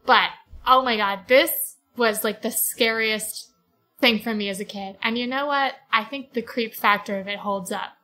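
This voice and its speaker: A woman's voice: fairly high pitch, moderate pace, pushed and bright, faint music behind, low-quality recording. A woman co-hosting a podcast, chatting enthusiastically about a book with lots of 'like' fillers. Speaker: podcast co-host. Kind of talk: casual book discussion.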